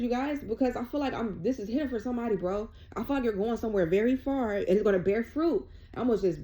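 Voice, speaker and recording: A woman's voice: fairly high pitch, quick pace, hardly any pauses, mellow. A woman giving a rambling, colloquial tarot reading, emotional and tearful at times. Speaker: tarot reader.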